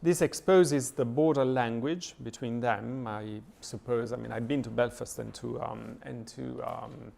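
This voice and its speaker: Halting man lecturing, gravelly voice. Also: medium pitch, fairly even intonation, darkish tone, slight background noise. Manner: thoughtful, many hesitations and fillers. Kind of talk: lecture reading and analyzing a poem. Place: church lecture.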